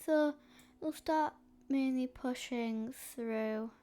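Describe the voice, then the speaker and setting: A woman narrating a map history video in a slow, hesitant way, with a stuffy, snotty nose and frequent fillers. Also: high voice, mellow, clean tone.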